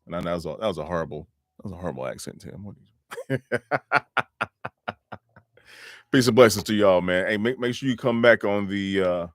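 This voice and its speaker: Deep-voiced man hosting a live stream. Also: quick pace, dry recording, clean studio sound. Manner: loose, repetitive, many fillers and restarts. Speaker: live show host. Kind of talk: casual live-stream talk. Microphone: home microphone.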